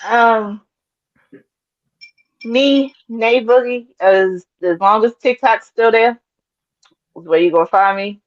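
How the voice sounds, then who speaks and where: Brief: relaxed woman, fairly high voice, offhand delivery, dull lo-fi audio. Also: takes it slowly, long pauses. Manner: laid-back, laughing, offhand. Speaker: co-host. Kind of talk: casual chat. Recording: muffled lo-fi.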